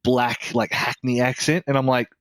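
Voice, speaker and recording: An Australian man with an ordinary, mid-pitched voice rambles through a casual podcast chat, cursing freely and restarting his sentences. The recording is dry and close, with no room sound around him. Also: fairly even intonation, dry recording. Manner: blunt, swearing, fast rambling with many restarts. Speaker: podcast co-host.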